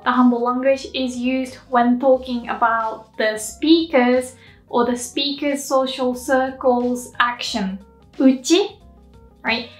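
Japanese woman teaching, roomy echo. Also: sits high. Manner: slow, careful modeling of phrases. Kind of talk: explanatory language lesson. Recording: echoey room with faint music.

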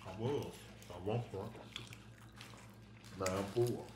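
A man's voice: lowish voice, slow pace. A man co-hosting a mukbang video, playful and joking with casual cursing, often talking with his mouth full. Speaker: mukbang channel co-host. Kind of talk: casual chat while eating on camera. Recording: roomy echo, noticeable background noise.

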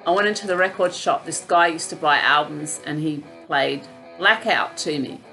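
Low, gravelly, animated woman. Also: moderate pace, soft background music, rough recording. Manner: animated, enthusiastic storytelling. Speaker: fan interviewee. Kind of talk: recalling a memory in an interview.

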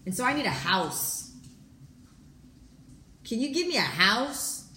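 A woman reading aloud as a selfish grown man, the boy from a storybook, with a flat, dismissive delivery. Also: on the high side, takes it slowly, a little hiss or hum, full character voice. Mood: demanding. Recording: echoey room.

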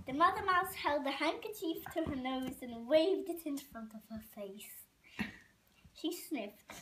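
A woman reading a storybook aloud, halting and stumbling over words. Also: high-pitched, lively intonation, fairly bright tone, a little hiss or hum. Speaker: reader. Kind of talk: amateur storybook read-aloud.

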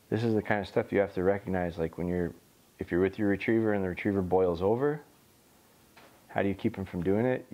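A low, darkish-toned man who trains bird dogs works a young dog outdoors, casually narrating what he's doing in a training vlog.

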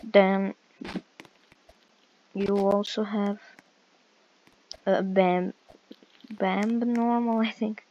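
A woman's voice: medium pitch, flat delivery, very slow, long pauses, warm tone, dull audio. A woman giving casual, hesitant gameplay commentary with many fillers while walking through a game. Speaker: game walkthrough creator.

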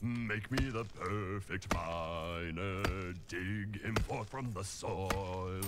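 Solemn dwarf chanting. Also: male voice, deep voice. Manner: slow, measured chanting. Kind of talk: chanted game verse. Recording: loud noise over game audio.

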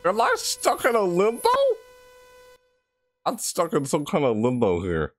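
A gaming channel host playing a horror game, panicking out loud with yelps, shrieks and repeated cries of alarm. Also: mid-range voice, huge pitch swings, unhurried. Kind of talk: horror game let's play commentary. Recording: game music loud under the voice. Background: loud tense game music.

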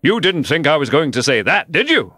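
A man's voice: a little high, big pitch swings, pushed and bright, no room sound, clean studio sound, pitched above the performer's own voice, heavily acted. A man reading a storybook aloud and putting on a pompous, touchy egg-man who talks grandly. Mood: indignant. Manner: pompous, grand, quick to take offence.

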